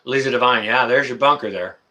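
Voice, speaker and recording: A man hosting a live stream, chatting casually with viewers in a rambling, excitable, jokey way. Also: mid-range voice, brisk. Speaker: livestream host answering chat.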